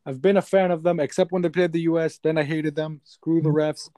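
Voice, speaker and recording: Joking young man, mellow and dry. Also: fairly high pitch, fairly even intonation, fairly quick, dry recording. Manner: joking, playful, laughs often. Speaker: podcast co-host. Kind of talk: casual sports chat.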